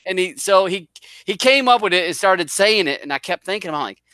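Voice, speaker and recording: A man's voice: high-pitched, lively intonation, a little fast, sharp tone, smooth, no room sound. A middle-aged man from the northern US, a guest telling a rambling, joking story in a casual way. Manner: rambling, self-deprecating, jokes around.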